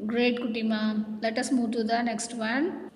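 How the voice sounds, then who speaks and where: A woman's voice: on the high side, level tone, darkish tone, a little hiss or hum. A woman teacher leading a lesson for young children, drawing out each word with emphasis. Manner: drawn-out, emphatic word-by-word delivery, calls children "my dear children". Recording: echoey room with long reverb.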